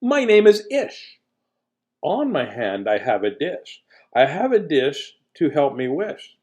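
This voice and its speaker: Chirpy little male storybook creature, sing-song and slow, lively pitch , as a man puts it on. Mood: playful.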